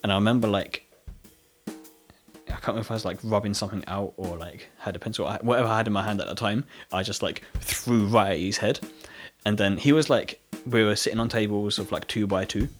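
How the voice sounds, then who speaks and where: A man's voice: lowish voice, fast, soft background music. A British man telling a story in casual chat, rambling and full of fillers, often laughing.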